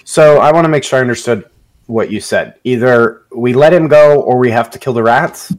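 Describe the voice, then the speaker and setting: A man's voice: medium pitch, normal speed. Guy at a tabletop game, matter-of-fact, mid voice. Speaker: player. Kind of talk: casual chat at a game table.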